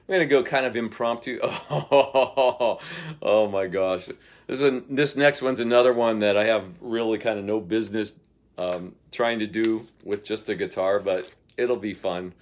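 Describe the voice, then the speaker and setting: A middle-aged man, a singer-guitarist, chatting casually between songs and telling a rambling story with soft laughs. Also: fairly low pitch, moderate pace, slight background noise.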